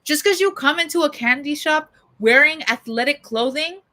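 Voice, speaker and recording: A woman's voice: high-pitched, moderate pace, bright, forceful tone. A young woman telling a story casually on a livestream, heated, blunt and full of swearing and fillers.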